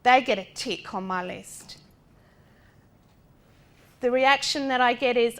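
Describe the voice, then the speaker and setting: A woman's voice: a little high, slow pace, pauses often. Forthright mother giving a talk. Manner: direct and forthright, with rhetorical questions; animated, acting out other people's lines. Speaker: guest speaker, parent of a child with a disability. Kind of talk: lecture talk drawn from personal experience.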